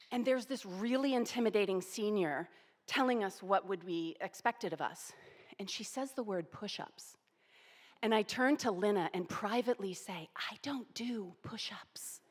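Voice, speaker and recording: Animated woman in her forties telling a story. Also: mid-range voice, long reverb tail. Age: 40s. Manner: animated, self-deprecating. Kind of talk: personal storytelling.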